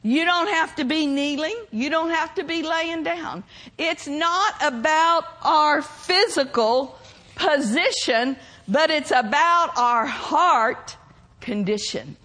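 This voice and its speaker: A woman preaching a sermon in a high voice. She speaks slowly and emphatically and stretches out her key words. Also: pushed and bright.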